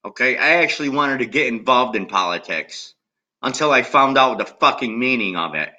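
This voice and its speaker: A man's expressive, medium-pitched voice sounds pushed and bright as he rants angrily to camera at normal speed, captured on a rough recording. This political vlogger is agitated and heavily profane, talking straight at viewers.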